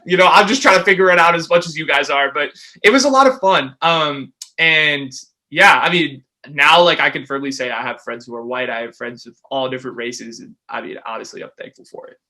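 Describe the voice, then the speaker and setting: Young male host, very bright, forceful tone, slightly high pitch, upbeat and slangy. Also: brisk, hardly any pauses. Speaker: podcast host. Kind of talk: casual conversation.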